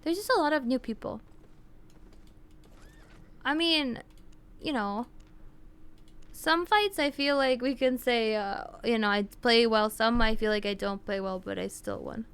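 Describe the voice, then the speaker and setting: A woman's voice: a little high, a little slow, long pauses, fairly bright tone, smooth. A young woman streaming live, chatting casually with viewers and explaining things in a rambling way full of "like" and restarts.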